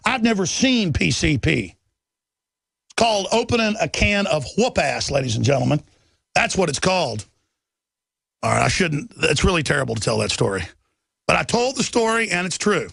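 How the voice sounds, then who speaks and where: A man hosting a radio show, telling a rambling story on air, excitable and prone to shouting. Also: high-pitched, normal speed, dry recording. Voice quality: gravelly. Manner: excitable, bursts into shouts, then sheepish.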